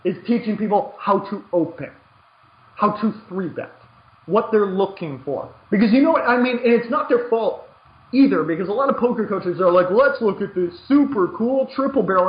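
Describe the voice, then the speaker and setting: A man who hosts a poker podcast and coaches players. He talks in an animated, emphatic way, repeats words when he gets going and acts out little bits of dialogue. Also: high voice, normal speed, echoey room, lo-fi sound.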